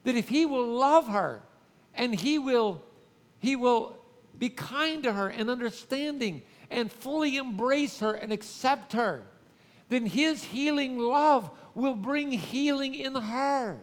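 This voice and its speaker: High-voiced male pastor preaching in a reverberant hall. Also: expressive, takes it slowly. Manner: conversational preaching with frequent restarts and call-outs to the congregation. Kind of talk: sermon.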